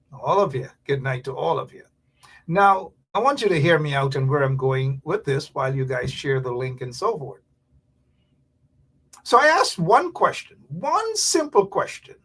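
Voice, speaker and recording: A man hosting a casual livestream talk show, chatty and animated, sometimes dropping to a whisper for asides. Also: a little high, slightly rough.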